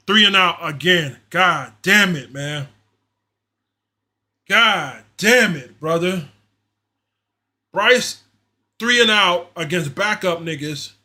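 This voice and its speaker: A high-pitched, pushed, and bright voice belongs to a man doing play-by-play on a fan livestream. He rants, frustrated and slangy, repeating himself as he reacts.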